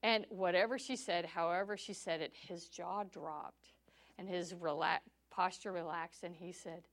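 A woman's voice: medium pitch, a little slow. A woman teaching a church class on sharing faith, telling stories in a chatty way, laughing often and acting out conversations in quoted voices. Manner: chatty storytelling with frequent laughs; acts out dialogue in quoted voices.

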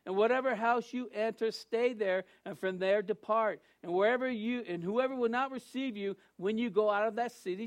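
A man preaching a sermon as a pastor, animated, acting out the people he quotes in shifting voices. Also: high voice, no room sound. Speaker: assistant pastor.

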